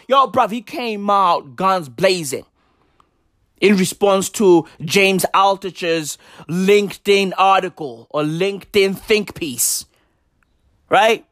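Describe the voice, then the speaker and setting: High-voiced man ranting. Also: fairly bright tone, no room sound, clean studio sound. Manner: repetitive, emphatic, slangy, swearing. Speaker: comedic commentator. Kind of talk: profane comedic rant.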